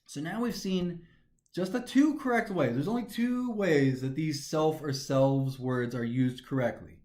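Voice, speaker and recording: Male teacher with a fairly high voice who talks methodically through each step; recorded in a reverberant room. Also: measured pace, darkish tone. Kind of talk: recorded grammar lesson. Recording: echoey room.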